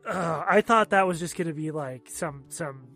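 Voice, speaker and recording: A man's voice: on the high side, normal speed, creaky, sharp tone, faint music behind. A man co-hosting a podcast, trading dry jokes in casual banter. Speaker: podcast co-host.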